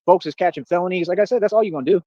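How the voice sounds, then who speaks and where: Fast-talking boastful man ranting. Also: sits high, mellow, no room sound, dull audio. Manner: boastful, confrontational, repeats "what are you talking about". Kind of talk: ranting livestream monologue.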